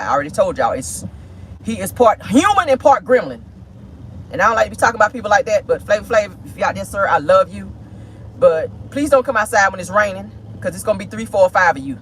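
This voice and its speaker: A woman's voice: mid-range voice, a little hiss or hum. A woman, hosting casual celebrity gossip commentary with sassy, slangy asides. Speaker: host. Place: in a vehicle.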